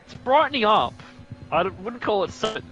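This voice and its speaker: High-voiced man calling a sim race. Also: sing-song, muffled recording, music in the background. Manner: joking banter, quickens for on-track action. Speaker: sim racing commentator and stream host. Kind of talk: casual live race commentary.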